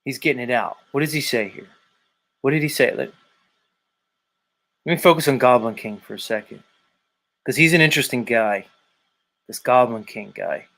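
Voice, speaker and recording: A man's voice: medium pitch, normal speed, creaky, long pauses, a bit bright. Chatty man bantering with his viewers. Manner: loose, profane banter, greeting viewers by name. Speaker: livestream host. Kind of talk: casual chat reading viewer comments.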